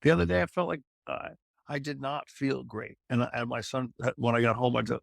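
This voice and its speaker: Man, middle-aged, fitness trainer, interview chat, gravelly, restarts sentences, dry recording. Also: medium pitch, fast, dry recording. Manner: animated storyteller, repeats and restarts phrases. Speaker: celebrity fitness trainer, guest. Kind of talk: candid interview conversation.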